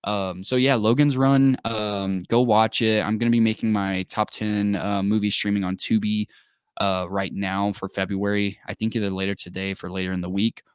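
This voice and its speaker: A man's voice: fairly low pitch, flat delivery, normal speed, clean tone, dry recording, studio quality. A man co-hosting a casual film review podcast, talking enthusiastically with plenty of fillers. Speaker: podcast co-host.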